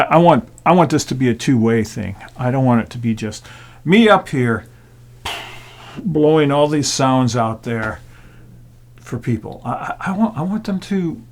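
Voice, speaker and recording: A man who plays gongs talks in a relaxed, reflective way about quiet sounds, often dropping his voice into a soft whisper. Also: mid-range voice, moderate pace. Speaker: gong player and sound healer. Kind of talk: casual talk to camera.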